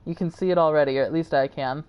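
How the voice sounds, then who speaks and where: A woman's voice: low voice, fairly even intonation, fast talker, a little mellow, clean tone, lo-fi sound. A tired woman streamer chatting casually and rambling to her viewers while she plays a game. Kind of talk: casual live-stream chat.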